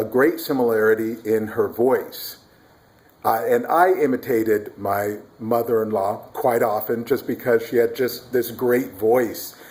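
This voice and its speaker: Speaking casually in a somewhat low voice, a man recounts a personal family story. He breaks off to show how certain speech sounds work and whispers at times to illustrate what he means.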